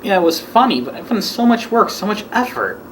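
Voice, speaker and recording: A man's voice: high voice, sing-song, fairly quick. A young man playing a frustrated young gamer. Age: young adult. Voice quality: earnest, frustrated, apologetic. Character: young male gamer, stressed game runner. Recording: echoey room, noisy, far mic.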